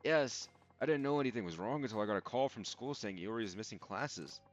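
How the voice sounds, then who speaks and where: Brief: man voicing anxious pleading mother, pitched up, lo-fi with game music under it. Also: lively intonation, a little fast, close to an everyday voice. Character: middle-aged woman, worried pleading mother. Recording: dull lo-fi audio with game music.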